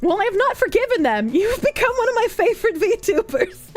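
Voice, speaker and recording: A woman streamer in casual chat, reading out donations with giggly laughs, loud outbursts and swearing. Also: very high-pitched, sing-song, normal speed, hardly any pauses. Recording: faint music behind voice.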